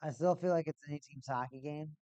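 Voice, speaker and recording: Talking at a quick clip in a mellow, slightly high voice, this host runs a hockey watch-party stream, easygoing, rambling and repeating himself. His home desk mic gives a close, dry sound free of room echo.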